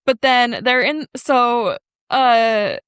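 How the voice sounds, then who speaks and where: A woman's voice: fairly high pitch, drawn-out words, a bit bright, clean tone, no echo, studio quality. A woman co-hosting a podcast, chatting casually and animatedly about an anime episode, rambling with fillers and laughter. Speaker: podcast co-host. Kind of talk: casual anime recap chat.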